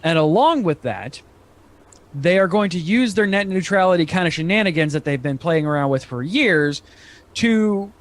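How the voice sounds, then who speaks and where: A man talking as a podcast guest in casual chat, halting often with fillers and restarts. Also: high voice, expressive.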